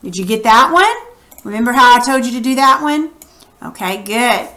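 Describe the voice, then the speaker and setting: A woman's voice: a little high, expressive, moderate pace, pushed and bright. A woman teacher patiently walking students through a recorded reading lesson, talking casually while she writes on screen. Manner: patient, coaching, casual classroom talk; narrates while writing on screen.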